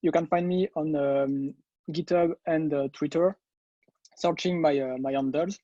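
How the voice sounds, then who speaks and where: French man presenting, mellow, halting. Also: fairly high pitch, fairly even intonation, no room sound, dull audio. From France. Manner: hesitant, many "uh" fillers. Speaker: guest presenter, developer. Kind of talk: webinar technical presentation.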